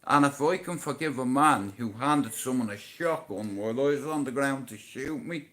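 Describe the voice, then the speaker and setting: A man's voice: normal speed, hardly any pauses. A man hosting a livestream, telling a personal story in a casual, emotional way and swearing often. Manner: emotional, swears often, swings between low and loud. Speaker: livestream host.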